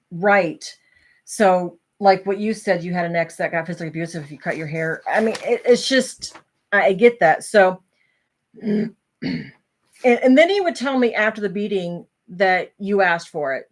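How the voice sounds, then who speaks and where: A woman vlogger candidly sharing a personal story, speaking earnestly with halting pauses. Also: on the low side. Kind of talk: candid personal talk and poem reading.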